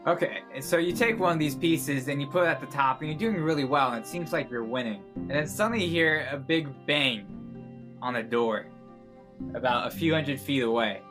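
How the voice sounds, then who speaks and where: A man's voice: on the high side, brisk, over music. Laid-back man running a tabletop game. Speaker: dungeon master.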